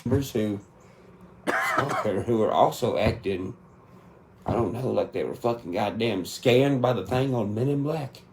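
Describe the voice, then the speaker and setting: A man in his thirties vents in a long, profane spoken rant. His voice is mellow and dark. A little faint noise sits under the recording. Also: medium pitch, a little slow. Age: 30s. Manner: angry, profane, venting. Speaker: country rap artist.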